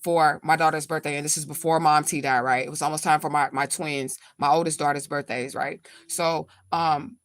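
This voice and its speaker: A woman's voice: low voice, fairly even intonation, normal speed, hardly any pauses, no echo. A woman from St. Louis, a spiritual reader telling a story in a casual livestream, blunt, profane and rambling. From St. Louis, USA.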